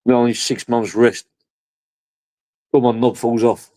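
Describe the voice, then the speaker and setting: A man's voice: medium pitch, steady tone, normal speed, mellow. A middle-aged man from England hosting a casual livestream chat, rambling and joking with crude humour. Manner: rambling, jokey, swears freely. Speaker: livestream host.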